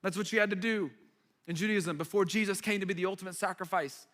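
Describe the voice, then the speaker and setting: A man's voice: high-pitched, steady tone, fast talker, fairly bright tone. A man preaching a sermon as a pastor, conversational and emphatic with playful asides. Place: church hall. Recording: reverberant hall.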